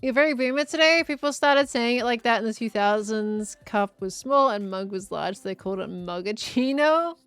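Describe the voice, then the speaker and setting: A woman's voice: on the high side, animated, normal speed, few pauses, a bit bright, smooth, dry recording, soft background music. Chatty woman streamer in her twenties. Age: 20s. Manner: rambling, chatty, laughs often, reads chat aloud. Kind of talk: casual live-stream chat.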